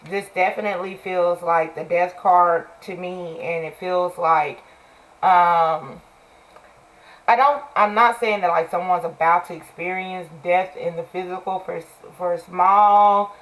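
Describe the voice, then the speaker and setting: Woman in her forties, tarot reader, low-ish voice, blunt and candid, swears, repeats herself for emphasis. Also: fairly bright tone, poor audio. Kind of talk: casual tarot reading.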